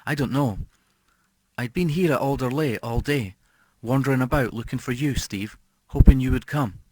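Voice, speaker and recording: A man narrating a horror story as an audiobook reader, slow and brooding, dropping to a hush on key words. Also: medium pitch, no room sound.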